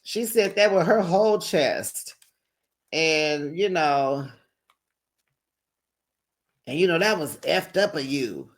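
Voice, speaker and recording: A host casually recapping a reality TV episode, animated and sassy, tossing in "child" and "honey". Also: medium pitch, slow pace, pauses often. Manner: animated and sassy, quotes cast members; colloquial, says "child" and "honey".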